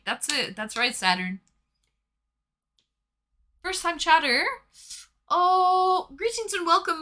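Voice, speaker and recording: Reading chat aloud during a casual stream from her home, a young woman sounds bright and forceful, her pitch on the high side. Her delivery stays chatty and playful.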